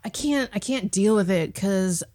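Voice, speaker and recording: A woman's voice: medium pitch, expressive, unhurried, warm tone. Chatty woman hosting a laid-back podcast. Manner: chatty, laughing, quoting people in asides. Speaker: podcast host. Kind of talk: casual chat.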